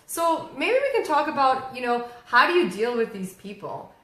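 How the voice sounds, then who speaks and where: Bright-voiced woman chatting about business. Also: sits high, moderate pace. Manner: animated, acts out quoted people. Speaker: co-host, online marketer. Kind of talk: casual business chat. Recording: echoey room.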